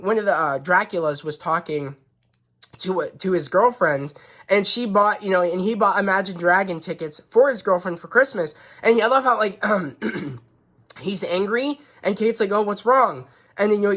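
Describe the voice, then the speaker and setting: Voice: medium pitch, fairly bright tone. A reviewer talking casually through a show episode, rambling and retelling scenes with frequent "you know" and restarts. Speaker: YouTube reviewer.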